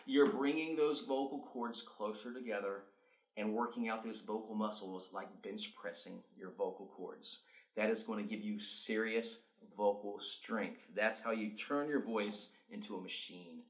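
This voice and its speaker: A man working as a vocal coach, talking singers through warm-up exercises in an energetic, coaching manner. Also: lowish voice, unhurried. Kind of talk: instructional video demonstration. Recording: roomy echo.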